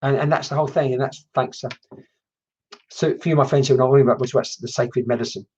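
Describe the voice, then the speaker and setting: A man's voice: medium pitch, fairly even intonation, quick pace, a little mellow, a little hiss or hum. Rambling man on a dull stream. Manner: rambling, chatty, reacts to comments. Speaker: spiritual medium. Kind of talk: casual livestream chat.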